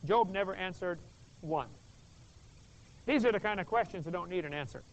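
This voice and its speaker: High-voiced guy cracking jokes in a bible talk, dull lo-fi tape. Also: lively intonation, moderate pace. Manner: folksy, jokey, asks the audience questions. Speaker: creation seminar speaker. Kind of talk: joking Bible lecture to a live audience. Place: stage with a display table. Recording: dull lo-fi video recording.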